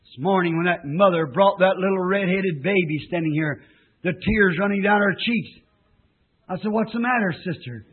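Man, fervent preacher, very high voice, lo-fi phone-like sound. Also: moderate pace. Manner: fervent, rises to shouts. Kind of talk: revival sermon. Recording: tinny lo-fi old tape recording.

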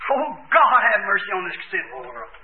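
High-voiced fervent preacher on lo-fi tape. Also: male voice, big pitch swings, normal speed, slight background noise. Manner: fervent, hollering quotes with sudden shouts. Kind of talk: revival sermon. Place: church service. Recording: tinny lo-fi old tape recording.

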